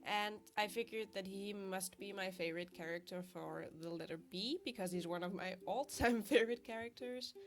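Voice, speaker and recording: Speaking at a normal speed with hardly any pauses, a young woman with a medium-pitched voice narrates her drawing process as an art vlogger. Her voice is sick and congested, yet she chats casually and laughs at herself often, with soft guitar music playing faintly behind her.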